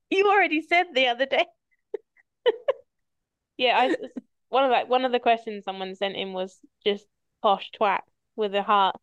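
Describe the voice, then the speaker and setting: A woman's voice: a little high, measured pace, long pauses, fairly bright tone, smooth, no room sound, dull audio. A woman hosting a podcast, telling stories in casual chat and swearing freely. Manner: chatty storyteller, swears casually. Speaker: podcast host.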